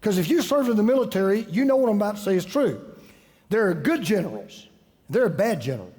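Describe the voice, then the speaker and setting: A man's voice: high voice, very animated, quick pace, warm tone, big-room sound. A man preaching a sermon as pastor, telling stories conversationally and repeating key phrases for emphasis.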